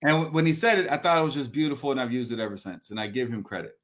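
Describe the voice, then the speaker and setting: A man coach talking as a guest in a live stream, an animated storyteller who swears freely and acts out voices. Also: medium pitch, racing, slight background noise.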